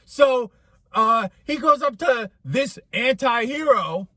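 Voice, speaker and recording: A man with a fairly high voice reviews a movie in casual chat. He rants with swearing and slips into voices for the characters as he retells the plot. The sound is dry and close, with no room echo. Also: slow pace. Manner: animated, profane, acts out characters mid-story.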